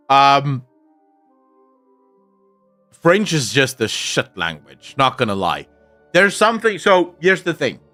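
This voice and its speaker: His voice is a little high with a fairly bright tone. Originally an Afrikaans speaker from South Africa, he talks in Afrikaans-accented English, responding to viewer comments on a live stream in a casual, profane way.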